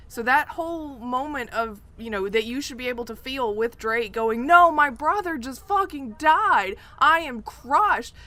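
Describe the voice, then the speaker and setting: A woman co-hosting a casual gaming podcast, talking expressively in long animated runs. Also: a little high. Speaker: podcast co-host.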